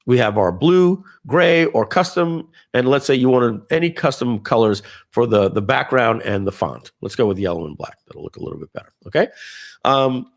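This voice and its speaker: A man giving a casual live software demo, talking viewers through settings with fillers and asides. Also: mid-range voice, normal speed. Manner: lively, conversational, with frequent fillers and asides. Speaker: software trainer.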